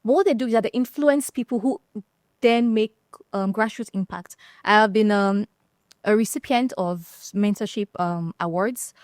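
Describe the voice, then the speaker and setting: Nigerian woman panelist, lively storyteller, close dry mic. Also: mid-range voice, normal speed, no room sound. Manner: animated storytelling, laughs often. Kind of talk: casual panel discussion.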